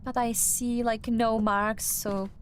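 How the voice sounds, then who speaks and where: Soft-spoken woman with a non-native English accent. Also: a little high, flat delivery, slow, slight background noise. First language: not English. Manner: hesitant, many fillers and restarts. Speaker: streamer. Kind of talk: casual gameplay commentary.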